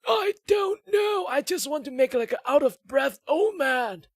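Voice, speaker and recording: A man's voice: very high voice, animated, measured pace, no echo, clean studio sound, pitched above the performer's own voice, exaggerated voice. A man putting on the voice of a wheezy, out-of-breath old man who smoked too much. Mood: croaky. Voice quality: strained, breathy.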